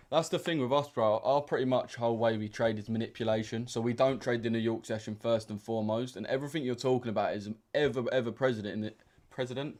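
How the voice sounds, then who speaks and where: Here a young trading streamer chats casually on his livestream in a medium-pitched, slightly mellow voice. He keeps things laid-back, trading slangy banter and leaning heavily on fillers.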